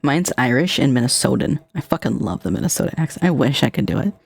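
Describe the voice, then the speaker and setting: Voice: mid-range voice, lively intonation, gravelly, no echo. A streamer chatting casually and enthusiastically, swearing often. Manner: enthusiastic, swears, drawn-out delivery. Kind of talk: casual chat.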